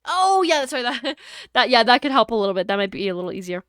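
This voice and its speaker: A woman's voice: on the high side, sing-song, fast talker, a bit bright, clear, resonant tone, no echo, clean studio sound. A woman streaming a video game, chatting casually in a giggly, rambling, playful way into a USB microphone at home. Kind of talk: casual gameplay chat.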